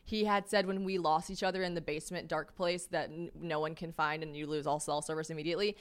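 A young woman hosting a podcast, telling a story in a casual, animated way, full of "like" fillers, self-mocking asides and acted-out dialogue. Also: deep voice, fast talker, clean tone. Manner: chatty and animated, lots of "like" fillers, acts out quoted dialogue. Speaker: podcast host.

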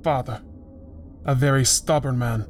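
A woman's voice: rumbling low, steady tone, unhurried, faint music behind, pitched below the performer's own voice. Woman doing a smug brooding man. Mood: sulky.

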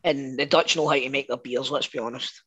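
A man's voice: mid-range voice, fairly even intonation, a little fast, fairly bright tone, breathy edge. A man in a casual football chat, blunt, sweary and enthusiastic. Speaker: co-host.

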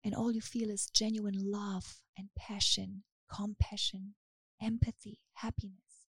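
A woman with a German accent who works as a hypnotist, leading a slow, soothing, repetitive guided hypnosis and then chatting emphatically about it. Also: medium pitch, little pitch movement, husky, no room sound. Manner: emphatic and upbeat when chatting. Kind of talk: guided hypnosis session, then casual chat.

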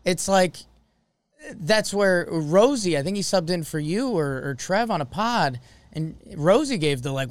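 A man co-hosting a sports podcast in casual, excitable chat. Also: on the high side, moderate pace, no room sound. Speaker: podcast co-host.

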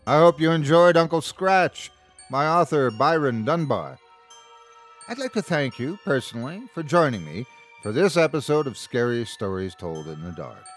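A man hosting and narrating a horror story podcast in a dramatic, expressive scripted reading. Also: medium pitch, moderate pace, soft background music. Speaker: host and narrator.

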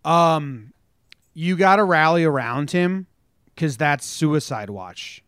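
A young man co-hosting a podcast in casual sports chat, talking in an animated, storytelling way and swearing freely. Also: on the high side, slow, clean tone, no room sound, studio quality. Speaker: podcast co-host.

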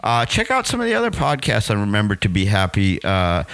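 A man's voice: on the low side, huge pitch swings, brisk, a bit bright, no room sound. A man hosting a comedy podcast, rambling casually with fillers and swearing. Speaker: podcast host.

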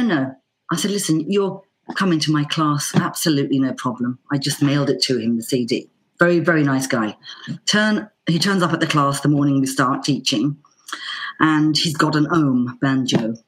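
A middle-aged Irish woman, a banjo player, telling a casual anecdote in a lively way, acting out the voices she quotes. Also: sits low. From Ireland. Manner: lively, acts out quoted voices with lots of fillers. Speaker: banjo player and teacher guest.

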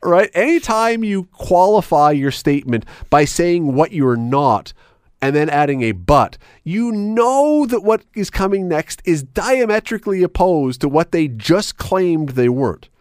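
A man's voice: big pitch swings, a little slow, darkish tone, clean tone, no echo, studio quality. A man hosting a radio show, ranting sarcastically about phrases he can't stand. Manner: emphatic, sarcastic, wide swings in pitch. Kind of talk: opinionated talk radio rant.

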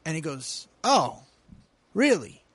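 Comedian, 40s, male, high-pitched, animated and profane, quotes people in character, dry mic. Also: slow, slightly rough, dry recording. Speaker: comedian guest. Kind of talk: casual podcast storytelling.

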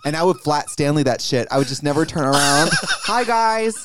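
A man co-hosting a comedy podcast in casual chat, with dry, bawdy deadpan humor. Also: on the high side, quick pace, noisy background. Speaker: podcast co-host.

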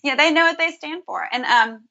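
Earnest thirties woman guest, bright tone, slightly muffled recording. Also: high-pitched, expressive, fairly quick, creaky. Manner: earnest, heartfelt, storytelling with soft restarts. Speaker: podcast guest, creator of a Bible study method. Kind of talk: casual conversational interview.

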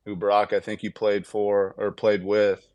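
A man's voice: lowish voice, unhurried, dry recording. A man in his thirties, a guest on a podcast, telling a long story in a casual way and acting out what each person said, with many fillers. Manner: animated, acts out quotes with lots of fillers. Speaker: podcast guest, baseball player.

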